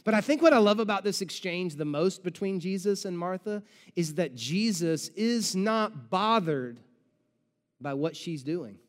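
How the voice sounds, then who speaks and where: A male pastor preaching a sermon with animated storytelling and dramatic pauses, in a large church auditorium. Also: high voice, big-room sound.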